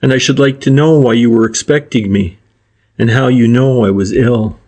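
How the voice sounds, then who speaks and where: A man voicing an impatient, short-tempered gentleman in an audiobook, speaking curtly and sharply. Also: mid-range voice, steady tone, normal speed, lightly acted. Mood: surprised. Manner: curt and sharp. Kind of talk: audiobook character reading.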